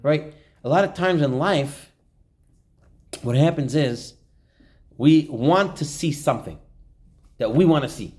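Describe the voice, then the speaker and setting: A rabbi with a fairly high voice teaches an informal Torah class, speaking unhurriedly and pausing often. He's an animated storyteller who acts out the quotes in his stories.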